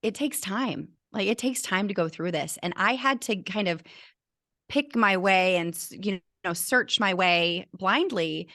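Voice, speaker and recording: With a mid-range voice and a sharp tone, the middle-aged teacher and burnout coach talks a little slowly while telling a personal story as an interview guest. Her delivery is earnest and emotional, with many sentence restarts, and the studio sound is clean with no echo.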